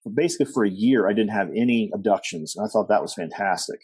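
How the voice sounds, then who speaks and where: A middle-aged man with a husky, fairly low voice talks fast, and the recording is dry. Appearing as a podcast guest in a storytelling interview, he tells a long personal story that rambles with fillers and restarts. He animatedly acts out the people he quotes.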